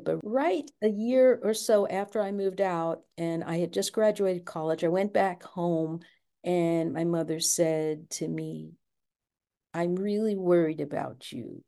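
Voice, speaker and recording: A woman's voice: deep voice, vocal fry, mellow. An older woman candidly recounting her family's past in an interview, reflective and speaking in her own words. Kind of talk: personal storytelling interview.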